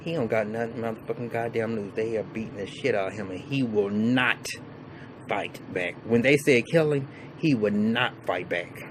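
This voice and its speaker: A man's voice: lowish voice, moderate pace, noisy background. A man giving a casual, profane, rambling episode recap, full of restarts and fillers. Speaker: TV show reviewer.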